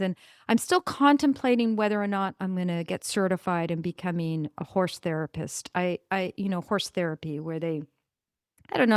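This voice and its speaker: A woman's voice: on the low side, darkish tone, clean tone, dry recording, studio quality. A woman hosting her own podcast, talking casually and with enthusiasm, rambling a little and correcting herself as she goes. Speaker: podcast host. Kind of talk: casual solo podcast monologue.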